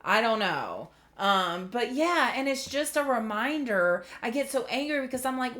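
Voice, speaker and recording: A woman's voice: fairly high pitch, sing-song, normal speed, hardly any pauses, fairly bright tone. A woman giving a casual spiritual tarot reading, chatty and earnest, getting emotional as she talks. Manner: chatty, earnest, trailing off into filler words. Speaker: tarot reader.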